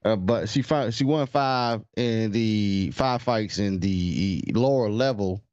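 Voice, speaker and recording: A man's voice: on the low side, slow, a little mellow, no room sound, dull audio. A man co-hosting a podcast in casual sports chat, laid-back and slangy, often restarting his sentences. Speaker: podcast co-host.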